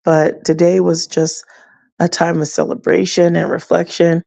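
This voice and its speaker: A middle-aged woman hosting a faith podcast, talking casually and reflectively with frequent soft laughs. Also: on the low side, level tone, measured pace, creaky, no echo. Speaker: podcast host. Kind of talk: casual personal talk.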